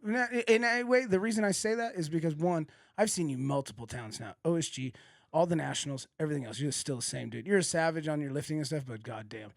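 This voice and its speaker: A man's voice: on the high side, quick pace, vocal fry, dry recording, clean studio sound. A man hosting a podcast, telling stories in casual chat, swearing a lot and acting out the people he quotes. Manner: profane, animated storytelling with acted quotes. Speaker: podcast host.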